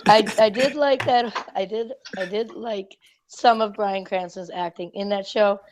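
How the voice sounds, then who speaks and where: A woman's voice: mid-range voice, unhurried, noisy background. A woman chatting casually as a guest in an online hangout, rambling and laughing often. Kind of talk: casual chat. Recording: dull lo-fi mic.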